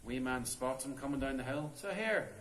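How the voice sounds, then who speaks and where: Delivering a folk tale flatly in a mid-range voice, a storyteller speaks fairly quickly, chatty and unscripted. The oral folk storytelling takes place in a stone cave tomb, giving a roomy cave echo, with a little hiss or hum audible.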